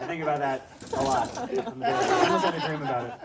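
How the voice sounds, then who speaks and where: A man's voice: a little high, wildly swooping pitch, quick pace, over a noisy crowd. A male stand-up comedian performing a live set in a small venue, telling rambling, profane stories full of asides. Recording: distant mic with faint background noise.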